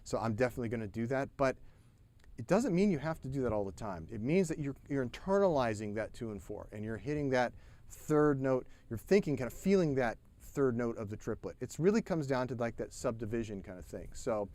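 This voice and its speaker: A man's voice: mid-range voice, a little fast. A man giving a live-stream drum lesson, talking casually with lots of fillers and restarts, over a drum kit. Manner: relaxed, talkative, many fillers and restarts; counts aloud and scats rhythms over drumming. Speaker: drum teacher. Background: drums playing.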